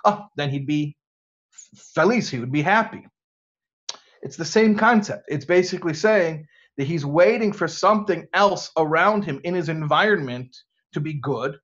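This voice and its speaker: A rabbi with an American accent gives a conversational lecture to students, drawing them in with rhetorical questions, in a slightly muffled recording. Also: male voice, fairly high pitch, fairly bright tone. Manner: engaging, asks rhetorical questions.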